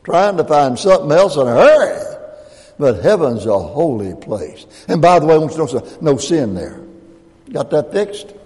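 A man's voice: fairly high pitch, sing-song, normal speed, a little mellow. A man in his eighties preaching a sermon as pastor, folksy and joking with the congregation between points. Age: 80s. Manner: folksy, joking asides with laughter. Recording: long hall reverb.

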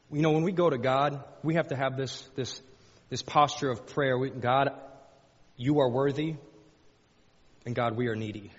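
Husky and mid-range, a man delivers a sermon as pastor at a moderate pace, with folksy repetition of phrases that builds into fervent pleading. Long hall reverb fills the dull, lo-fi audio.

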